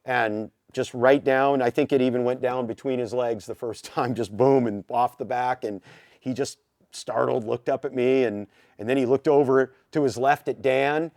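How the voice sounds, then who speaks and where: A man from the Pacific Northwest, a podcast guest telling an animated story with many "you know" fillers. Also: medium pitch, normal speed, dry recording, clean studio sound. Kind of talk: casual storytelling.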